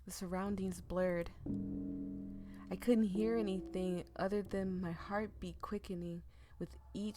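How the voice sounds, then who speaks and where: Reading a visual novel out loud on stream, a woman with a mid-range voice gets emotionally caught up, reacting with nervous laughter and hurried side comments.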